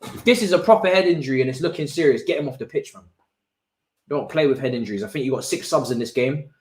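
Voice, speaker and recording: Guy ranting thru a football watch-along, pitch all over the place, slangy. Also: fast. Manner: animated, exasperated ranting with slang. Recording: roomy echo.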